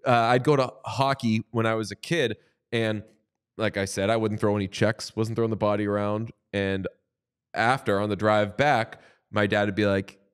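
A man's voice: on the low side, moderate pace, clear, resonant tone. A man co-hosting a podcast, chatting casually and jokingly, including a playful ad read. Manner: playful, jokey, animated ad reading. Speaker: podcast co-host.

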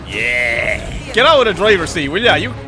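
A man playing a shooter for the first time, laughing, swearing and shouting at his teammates as he goes. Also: fairly high pitch, very animated, moderate pace. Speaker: gaming YouTuber. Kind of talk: excitable let's-play commentary. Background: game music and vehicle sounds.

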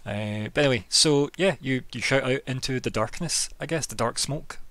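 A man narrates a tabletop game as its game master, loose and rambling, laughing as he goes. His pitch sits in an ordinary middle range, and he talks over what sounds like a home voice call. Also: moderate pace, fairly bright tone, no room sound. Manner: rambling, laughing, full of fillers.

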